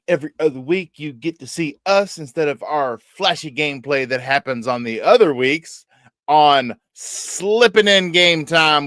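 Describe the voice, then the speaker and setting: A man's voice: fairly high pitch, fairly bright tone, no echo, clean studio sound. A man hosting a casual gaming podcast, talking in a playful, joking way. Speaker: podcast host. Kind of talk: casual chat.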